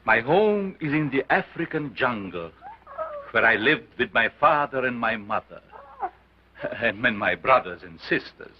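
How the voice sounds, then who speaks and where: Commanding mad doctor-showman played by a man, theatrical, lively swoops, dull old soundtrack. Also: mid-range voice, measured pace, slight background noise, close to an everyday voice. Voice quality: accented, declamatory. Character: theatrical mad scientist showman, male, middle-aged, commanding. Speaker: carnival lecturer. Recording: dull 1930s film soundtrack.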